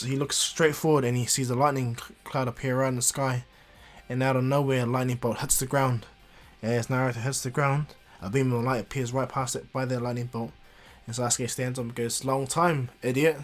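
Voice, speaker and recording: A man casually improvising a fan story, rambling with fillers and restarts. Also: medium pitch.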